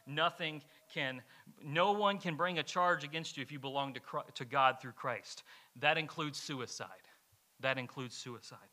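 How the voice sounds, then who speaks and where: Earnest bright-voiced male pastor preaching. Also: fairly high pitch. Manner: earnest, emphatic, repeats key lines. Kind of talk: sermon, question and answer. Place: church, streamed live.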